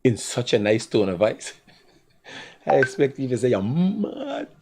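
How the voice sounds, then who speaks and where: Against slight background noise, a man with a Guyanese Creole accent hosts a live stream at a measured pace and medium pitch. He rants and laughs in bursts, his commentary loose and wandering.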